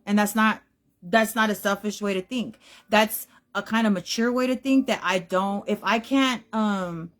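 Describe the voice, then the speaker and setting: A young woman, hosting a podcast and ranting bluntly about dating, swearing heavily. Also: medium pitch. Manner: blunt, emphatic, heavy swearing. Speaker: podcast host. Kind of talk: profane opinion rant.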